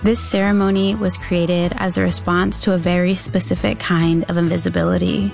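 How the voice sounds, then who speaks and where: A woman's voice: lowish voice, creaky. Woman reporter narrating a news feature. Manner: measured, even storytelling delivery.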